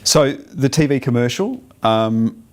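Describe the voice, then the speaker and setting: A man's voice: mid-range voice, expressive, unhurried. A man from South Australia with an Australian accent, an engaged and agreeable guest in a casual podcast chat.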